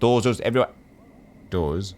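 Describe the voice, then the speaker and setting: A man's voice: fairly low pitch, moderate pace, darkish tone, close to an everyday voice. A man voicing a haggard, half-mad old woman in a game, with a thick accent and garbled, rambling speech. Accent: thick, hard to follow. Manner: garbled, rambling, broken phrases.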